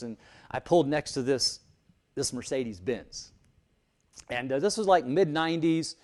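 A middle-aged man preaching a sermon as pastor, telling stories and joking with the congregation. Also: fairly high pitch. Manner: anecdotal, animated, jokes with the congregation.

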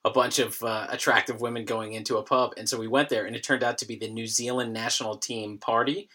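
A man co-hosting a casual podcast, with a bright, sharp-edged voice. He tells his stories in a wry, chatty way. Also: medium pitch, level tone, fast. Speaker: podcast co-host.

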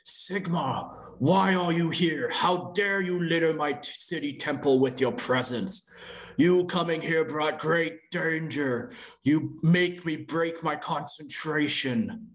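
A man voicing an ancient, wrathful male lizard mage-priest, speaking in slow, indignant proclamations at a raised pitch. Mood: accusing.

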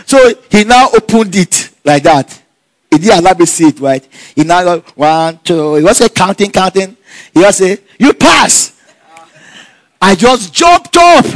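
A man telling a personal story in a casual, animated way, laughing often and acting out the dialogue. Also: sits high, normal speed, no echo. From Nigeria.

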